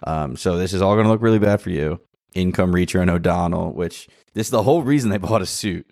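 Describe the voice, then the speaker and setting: A man's voice: low-pitched, quick pace, creaky, a little mellow, dry recording, clean studio sound. A man co-hosting a podcast, casually recapping a TV episode in a rambling, loose way. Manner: rambling, loose storytelling with lots of "um". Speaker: podcast co-host.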